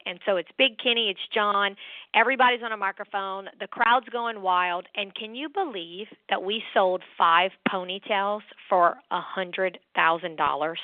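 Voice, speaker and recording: A woman's voice: medium pitch, no room sound. A woman guest telling stories enthusiastically in a casual interview chat. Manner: enthusiastic storyteller. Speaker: guest, nonprofit founder. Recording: tinny phone line, dry.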